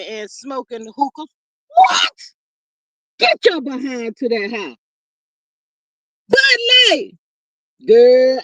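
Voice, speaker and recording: Woman, stream host; high, dry, close-miked, lively chat. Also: dry recording. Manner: chatty, animated, Southern-style slang. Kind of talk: casual live stream chat reading comments.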